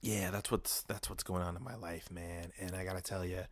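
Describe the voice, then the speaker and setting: Low-voiced man ranting profanely on a podcast. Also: flat delivery, moderate pace. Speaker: podcast host. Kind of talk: casual solo podcast rant. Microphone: podcast microphone.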